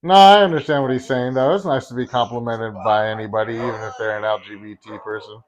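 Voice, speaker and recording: A man's voice: medium pitch, fairly even intonation, fast talker, a crowd in the background. A man from California, rambling and giggling through casual reaction commentary full of fillers. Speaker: reaction video host.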